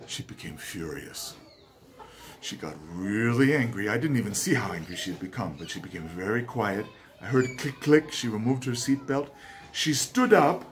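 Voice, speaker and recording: A man hosting his channel, telling a personal story in a lively monologue and acting out the dialogue. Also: fairly low pitch, moderate pace, a little hiss or hum. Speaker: channel host.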